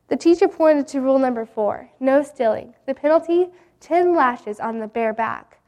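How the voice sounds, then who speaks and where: A woman reading a Bible story aloud in an earnest, gentle way. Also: high-pitched, lively intonation, normal speed, hardly any pauses, lo-fi sound.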